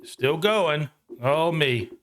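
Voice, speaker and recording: A man hosting a live trading session from home, thinking out loud about each trade in an excitable, casual way with the odd swear. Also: fairly high pitch, soft background music. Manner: excitable, talks fast to himself while trading, swears casually.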